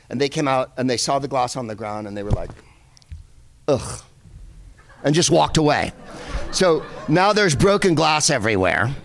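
A middle-aged man casually telling a lively anecdote, full of asides and the odd curse. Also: mid-range voice. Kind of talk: casual storytelling.

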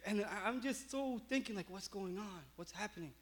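Brief: male pastor, fairly high voice, animated storyteller, loose and chatty. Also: unhurried, pauses often. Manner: animated storytelling with many fillers. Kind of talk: sermon.

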